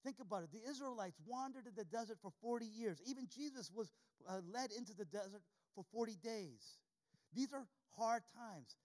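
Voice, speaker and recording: A man's voice: high-pitched, expressive, moderate pace, a little mellow. A man preaching a sermon, reading scripture aloud and repeating key lines for emphasis. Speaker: pastor.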